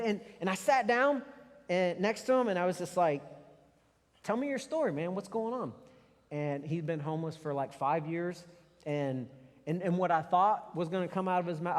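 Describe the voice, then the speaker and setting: A man preaching a sermon as pastor, telling a personal story in a conversational way with animated asides. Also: a little high. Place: church sanctuary. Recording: long hall reverb.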